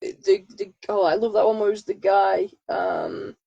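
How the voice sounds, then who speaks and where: Gravelly-voiced woman with a cold. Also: mid-range voice, a little slow, warm tone, muffled recording. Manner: hesitant, lots of ums. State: has a cold. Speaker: podcast guest. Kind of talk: casual chat.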